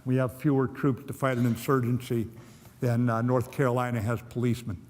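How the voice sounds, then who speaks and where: A man's voice: mid-range voice, flat delivery, fairly quick, a little mellow. Older man telling a blunt story, long hall echo. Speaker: guest speaker. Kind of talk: storytelling speech to an audience. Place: university auditorium.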